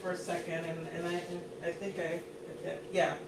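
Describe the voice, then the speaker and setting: A soft-spoken woman hesitantly gives her tasting notes, sounding set back from the mic. The room around her echoes, and a clear layer of background noise runs under her voice. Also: fairly low pitch, little pitch movement, moderate pace. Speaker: co-host. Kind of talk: casual tasting chat. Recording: distant, roomy, with noise.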